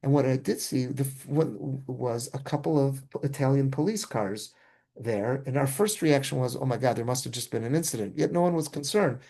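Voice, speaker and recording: A man's voice: mid-range voice, fairly quick, vocal fry, mellow. A man, a rabbi, telling a travel story in casual discussion, rambling with frequent restarts and self-corrections.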